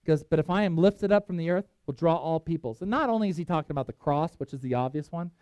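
A man preaching a sermon, reading scripture aloud with emphatic swings in loudness. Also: fairly high pitch, fast talker, no echo, muffled recording. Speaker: pastor.

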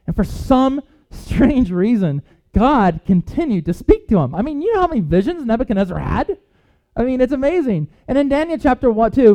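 A man preaching an informal sermon, reading scripture and retelling the story with lively acted-out quotes. English is not his first language. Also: high-pitched, highs cut off. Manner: animated storyteller, acts out quotes, chuckles.

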